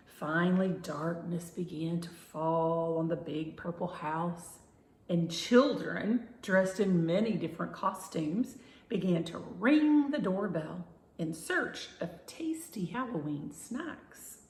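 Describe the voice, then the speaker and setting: A woman reading a children's story aloud in a gentle, expressive way. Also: lowish voice, slow. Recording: roomy echo.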